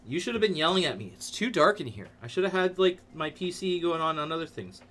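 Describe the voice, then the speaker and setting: A man hosting a casual livestream from his computer desk, playful and jokey, breaking into sudden loud outbursts. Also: on the high side, lively intonation, quick pace. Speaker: livestream host. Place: seated at a computer in a dim room.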